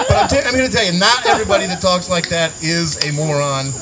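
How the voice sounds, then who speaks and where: A man's voice: high voice, a little fast. A man with a rural Virginia country accent performing a stand-up set on a club stage, chatty and self-mocking. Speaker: stand-up comedian. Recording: loud noisy live stand-up clip.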